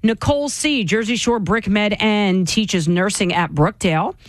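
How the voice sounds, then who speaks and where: A woman hosting a radio show, reading segments in a brisk, matter-of-fact way. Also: medium pitch, dry recording. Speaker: radio host.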